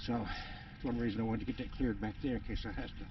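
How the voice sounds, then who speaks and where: A vlogger rambles through a casual walk-and-talk outdoors on wooded rural land, out of breath and full of fillers. His fairly low voice is quick and fairly even in intonation, with background noise in a distant, dull outdoor recording.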